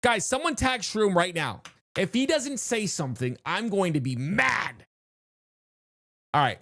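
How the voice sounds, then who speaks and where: Excitable game streamer, lively pitch, dry close mic, rambling chat to viewers. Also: a little slow, vocal fry, dry recording. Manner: excitable and chatty, restarts sentences, talks to chat.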